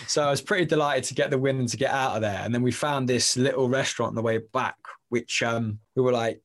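A man's voice: mid-range voice, fairly even intonation, fast, few pauses. Young english guy w a london-ish accent, rambly jokey chat, keeps restarting sentences. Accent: English, London or Leicester. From England. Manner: rambling, self-interrupting, jokey storytelling. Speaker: podcast guest. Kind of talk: casual interview chat.

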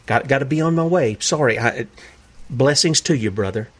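A man voicing a hurried, self-important religious official who mumbles excuses as he brushes someone off. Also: mid-range voice, breathy edge, voice pushed down, close to an everyday voice. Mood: dismissive.

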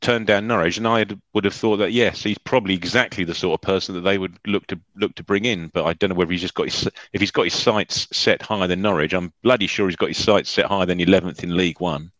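A man's voice: low-pitched, steady tone, fast, hardly any pauses, a bit bright, dry recording. A man giving his thoughtful, rambling views as a guest on a football chat show. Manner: thoughtful, rambling, mildly swears.

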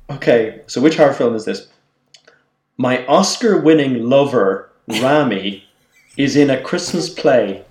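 A man's voice: mid-range voice, lively intonation, slow pace, pauses often, reverberant. A man hosting a podcast, playfully setting quiz clues and laughing often in casual chat. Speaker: podcast host.

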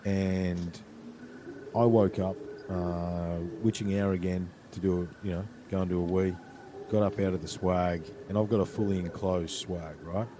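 An Australian man telling a camping story in a relaxed, drawn-out way, filling pauses with "you know.". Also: low voice, noisy background. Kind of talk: casual storytelling.

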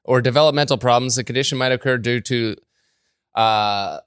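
A man's voice: medium pitch, normal speed, a bit bright, clear, resonant tone, dry recording. Chatty man with a dry studio sound. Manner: loose, chatty, many fillers and laughs. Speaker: radio host. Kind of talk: casual talk-show chat.

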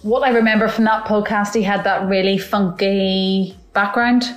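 A woman's voice: medium pitch, fairly even intonation, normal speed. Upbeat woman podcast host. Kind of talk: casual chat. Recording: roomy echo.

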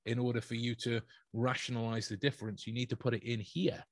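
A man talks casually on a podcast, wandering through his thoughts with restarts and asides. His voice sits in a middling pitch, and the recording is dry and close with no room echo. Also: little pitch movement, a little fast. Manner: chatty, rambling, with frequent restarts and laughs. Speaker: podcast co-host.

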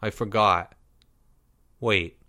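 A man's voice: lowish voice, fairly even intonation, extremely slow, bright, forceful tone, exaggerated voice. A man reading a story aloud, voicing a fifth-grade boy who whines, sobs and begs. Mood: flustered. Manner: whining, pleading, blubbering.

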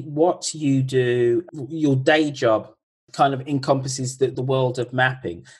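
Male podcast host, husky, mid pitch, casual quiz-master on a video call. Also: low-quality recording. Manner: chatty, reads questions slowly twice.

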